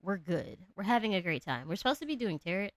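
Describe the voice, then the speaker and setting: A woman with a low alto voice chatting casually with her live-stream viewers, giggling often. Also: big pitch swings, fast talker, no room sound. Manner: chatty, giggly, talks to chat and her cat.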